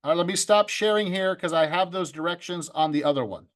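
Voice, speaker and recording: A man's voice: high voice, fast talker. A man teaching a video-editing class over a video call, upbeat and joking, talking to students by name. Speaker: video club instructor. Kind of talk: online class instruction. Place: home room with green screen.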